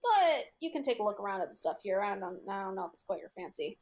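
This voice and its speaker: A woman voicing a lazy, wheezy male market stall keeper in a tabletop game, slightly higher and louder than her narration. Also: big pitch swings, fast. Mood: apologetic.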